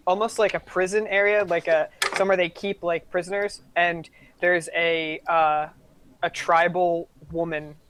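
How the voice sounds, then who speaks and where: A man's voice: on the high side, a bit bright, a little hiss or hum. A man narrating a tabletop game as game master, rambling with many fillers.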